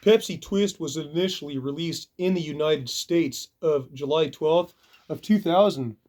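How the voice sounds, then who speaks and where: Man, casual vlog story, animated, punch sound effects, fairly high voice. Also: measured pace. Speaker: video reviewer.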